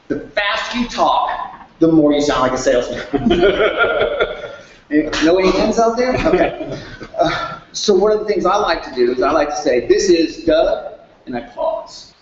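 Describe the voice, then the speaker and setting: A man giving an animated sales talk at a workshop, acting out phone calls in raised voices. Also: fairly high pitch, a little hiss or hum. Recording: echoey room, dull lo-fi sound.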